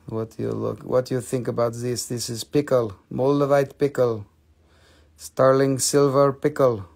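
A man's voice: mid-range voice, little pitch movement, normal speed, creaky, darkish tone. A man hosting a live stream where he sells minerals, with joking, chatty patter that coaxes viewers to comment.

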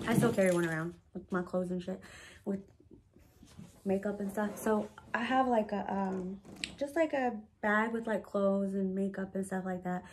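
Woman telling a storytime, animated and profane. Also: mid-range voice, moderate pace, slight background noise. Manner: animated, profane, heavy use of "like". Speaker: storytime vlogger. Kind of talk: casual storytime.

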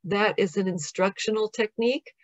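A woman with an American accent, a professor giving a recorded academic lecture in a measured, explanatory way, reading out example words slowly. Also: mid-range voice. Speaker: professor presenting.

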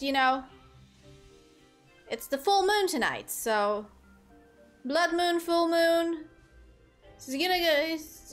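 A woman streaming a game, chatting casually with her viewers and reading game lines aloud. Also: high-pitched. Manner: animated, talks to chat and reads game lines aloud. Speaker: gaming streamer. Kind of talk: casual gameplay commentary.

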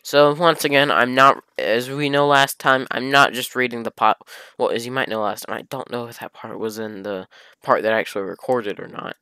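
A man's voice: mid-range voice, a little fast, pushed and bright, smooth, no echo. A man reading a fan fiction aloud for comedy, breaking in with exasperated, sarcastic commentary and swearing.

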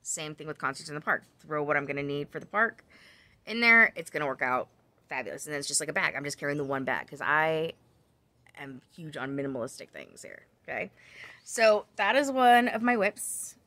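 A woman's voice: sits low, expressive, brisk, sharp tone, no echo. A woman vlogging about her crochet projects in a casual, rambling chat full of tangents, ums and self-corrections. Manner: chatty, rambling with side tangents.

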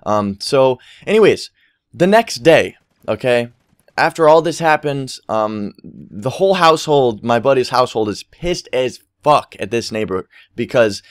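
A man's voice: medium pitch, animated, a little slow, no echo, studio quality. A young man telling a rambling story over gameplay, swearing freely and acting out what people said. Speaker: gaming commentary YouTuber.

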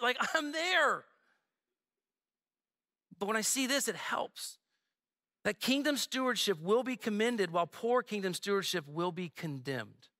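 A man's voice: high voice, bright, forceful tone. A male pastor preaching a sermon in a conversational, joking way, full of asides to the congregation. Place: church sanctuary.

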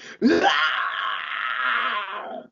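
A man with a gravelly, husky voice reads a comedy horror script, slipping into a campy, overacted delivery. It is a dull, lo-fi podcast recording. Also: very high-pitched, animated, drawn-out words, pushed and bright. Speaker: podcast co-host.

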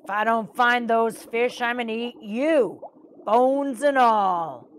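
A woman playing a slow, menacing storybook shark. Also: fairly high pitch, a little hiss or hum. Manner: slow, threatening, drawn-out lines. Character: menacing bossy male shark, gruff and vain.

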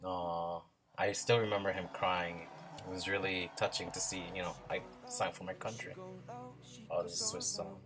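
Excitable low-voiced man reacting, music behind. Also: moderate pace. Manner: excitable, gushing fan chatter. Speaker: reaction video host. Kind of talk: casual reaction commentary. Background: music playing from the video.

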